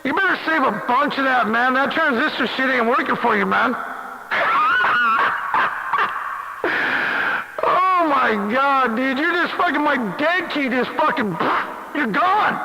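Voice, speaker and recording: High, gravelly man taunting over CB radio. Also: animated, normal speed. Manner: mocking, profane, laughing taunts. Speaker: CB radio operator. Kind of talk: on-air radio banter. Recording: hissy CB radio with long reverb.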